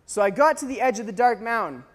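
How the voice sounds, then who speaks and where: Young man, very high voice, animated storytelling, long reverb of a large hall. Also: fast. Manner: animated, acts out scenes, sometimes shouts. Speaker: speaker telling a mission story. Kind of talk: dramatic storytelling talk.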